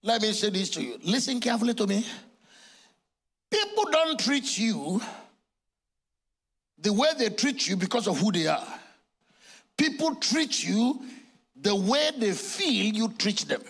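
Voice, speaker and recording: A man in his sixties with a Nigerian accent, preaching a sermon in a church and acting out dialogue with bursts of shouting. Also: high-pitched, unhurried, long pauses, slightly rough. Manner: animated storytelling, acting out dialogue, often shouting. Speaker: pastor.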